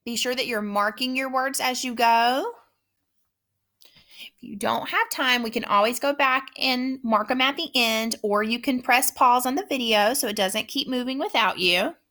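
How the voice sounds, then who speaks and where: A woman teacher giving a spelling dictation lesson, speaking slowly and repeating each word with patient care. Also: a little high, sharp tone. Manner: slow, patient, repeats words carefully.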